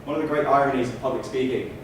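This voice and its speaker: A man giving a public speaking training speech on a stage, with wry asides. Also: mid-range voice. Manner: demonstrates loud, soft, slow and fast delivery. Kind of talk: training speech to a live audience. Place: stage in a hall. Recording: echoey room, mic far off, faint noise.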